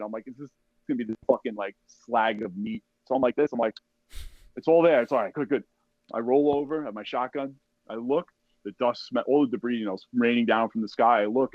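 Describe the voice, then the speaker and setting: A man telling a war story in a casual, profane, animated way, acting out the voices of other people as he goes. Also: medium pitch, no echo, dull audio. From United States. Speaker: podcast guest, army veteran.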